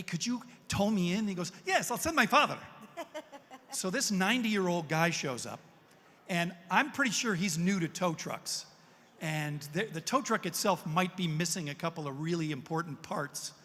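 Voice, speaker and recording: A man on a panel telling a story in a lively, self-amused way. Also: a little high. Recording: long hall reverb.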